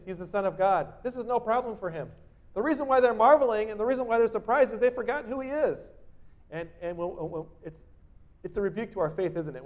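A man with a slightly high voice delivers a devotional sermon. He reads scripture with a booming, deliberate force, then sinks to a near hush for personal reflection. His talk is conversational, full of tag questions and small restarts. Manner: reads verses loudly, then drops to quiet personal asides. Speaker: preacher.

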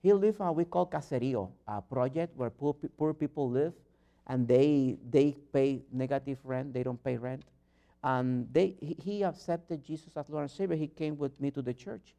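A man's voice: medium pitch, moderate pace, creaky. Fervent male preacher. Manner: earnest, rising to loud fervent exhortation; non-native phrasing and frequent restarts. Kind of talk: sermon.

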